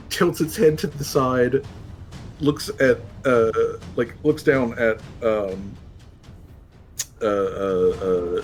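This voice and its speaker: A man running a tabletop game as game master, narrating loosely with laughs, swearing and restarts. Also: mid-range voice. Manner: laughing, loose and profane, stumbles over words.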